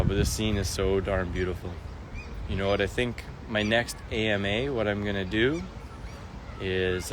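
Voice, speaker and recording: A man in his forties, a raw food coach, chatting casually and easygoing on a live stream while walking outdoors in a city park, holding his phone. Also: on the low side. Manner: chatty and easygoing, with frequent fillers and excited exclamations. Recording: loud outdoor noise with passing traffic.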